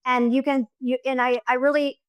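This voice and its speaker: A middle-aged woman filmmaker, a guest in a conversational interview, speaks in a high, smooth voice at a moderate pace. She's an animated storyteller who acts out quotes and restarts often. The recording is rough, with no room sound.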